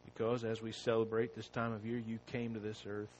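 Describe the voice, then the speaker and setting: A man preaching a sermon. He opens with a prayer, then reads scripture slowly and with rising force. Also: lowish voice, monotone, lo-fi sound, slight background noise. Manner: slow and deliberate, rising loud when reading scripture.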